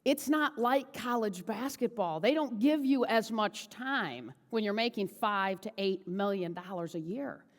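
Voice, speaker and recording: A woman giving a motivational keynote speech, telling a personal story in a chatty, animated way and often asking the audience "right?". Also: mid-range voice, a little slow, few pauses, in a large hall. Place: large event hall.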